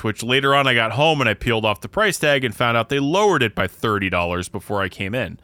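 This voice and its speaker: A man's voice: medium pitch, sharp tone, dry recording. A man co-hosting a podcast in casual chat, telling long rambling stories that keep circling back on themselves. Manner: rambling, self-interrupting storyteller. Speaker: podcast co-host.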